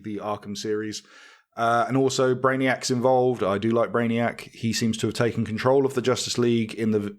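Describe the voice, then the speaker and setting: Chatty man co-hosting a podcast. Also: medium pitch. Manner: chatty, laughs easily, frequent fillers. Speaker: podcast co-host. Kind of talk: casual chat.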